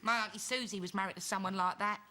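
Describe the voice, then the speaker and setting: A woman's voice: medium pitch, fairly even intonation, fast, pushed and bright, close to an everyday voice. An actress playing a brash, crude, working-class woman with a Portsmouth accent, blunt and bawdy, in a TV sitcom. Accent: Portsmouth English. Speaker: sitcom character.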